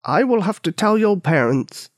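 A man's voice: high voice, big pitch swings, normal speed, no echo, clean studio sound, voice pushed up. A man doing a stern old lake keeper.

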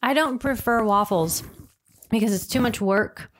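A woman's voice: on the high side, unhurried. Teasing, exasperated woman co-host. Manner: teasing, exasperated, laughs often. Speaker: podcast co-host. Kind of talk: casual banter between partners.

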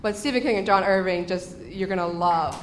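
A woman's voice: on the low side, fairly quick. A woman hosting a live podcast, chatty and upbeat as she sets up segments. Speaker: podcast host. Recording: echoey live room with crowd noise.

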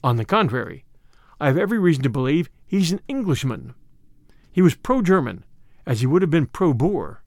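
A man reading aloud as a weary older male spymaster, measured and grave. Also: on the high side, sing-song, darkish tone, no echo, clean studio sound.

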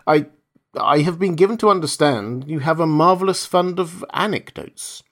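A man's voice: a little high, moderate pace, a bit bright, voice pushed up, close to an everyday voice. A man voicing a polite male official who sounds hesitant and puts on a forced heartiness.

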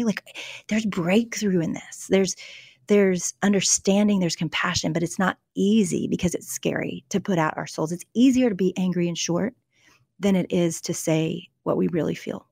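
Middle-aged woman, guest author, earnest storyteller, lowish gravelly voice, dry close sound. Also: steady tone, a little mellow, no room sound. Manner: earnest, storytelling, halting restarts. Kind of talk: conversational interview about faith and emotions.

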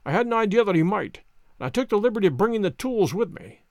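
A man voicing a calm, sharp-witted detective who speaks in a measured, composed way. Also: high voice, no echo, studio quality.

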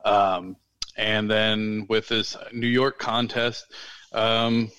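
A man co-hosting a podcast in easygoing, rambling chat, full of ums and restarts. His voice sits a little low, and it is recorded close and dry with no room sound. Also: extremely slow, smooth, no room sound. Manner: relaxed, rambling with frequent fillers and restarts. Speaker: podcast co-host.

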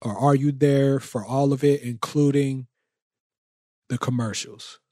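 A man's voice: medium pitch, fairly even intonation, measured pace, warm tone, no echo, clean studio sound. A man hosting a podcast in casual chat, teasing his co-hosts with lots of slang. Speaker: podcast host.

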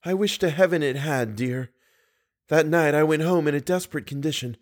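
A man reading the part of a devoted, fearful young woman singer in a measured, earnest audiobook reading. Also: on the high side, close to an everyday voice.

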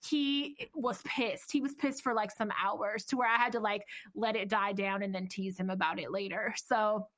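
A woman's voice: mid-range voice, fairly even intonation, moderate pace, hardly any pauses, a bit bright. A woman co-hosting a podcast, telling a story in casual chat, swearing and laughing as she goes. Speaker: podcast co-host.

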